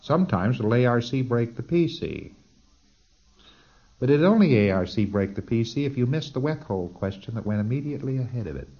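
A man's voice: mid-range voice, lively intonation, brisk, dark tone. A man giving a recorded lecture, explaining procedures step by step and acting out little dialogues, on a dull lo-fi tape recording.

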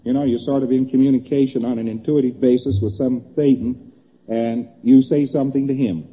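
Fairly quick and fairly even in intonation, a man's medium-pitched voice carries a conversational lecture through graphs on a board. He repeats points and acts out small exchanges, with tinny old tape capturing a reverberant hall.

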